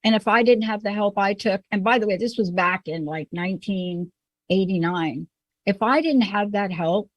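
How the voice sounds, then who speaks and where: A woman's voice: mid-range voice, normal speed. Emphatic New York woman host. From the Bronx, New York. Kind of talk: conversational podcast talk.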